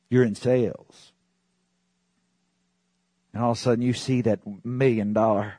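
A man preaching a sermon in an animated way, often jumping up into high excited exclamations. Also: a little slow, pauses often, no room sound.

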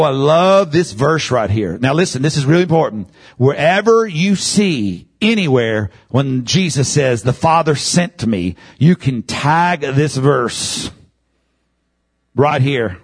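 Gravelly man preaching with wide swings. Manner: swings from low murmurs to high shouted preaching. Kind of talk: sermon.

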